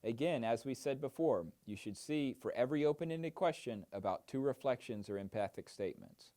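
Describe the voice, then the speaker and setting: In a training lesson, a man with a mid-range voice explains mentoring techniques in a clear instructional style. His animated intonation rises and falls through each point, and he often pauses on an "uh."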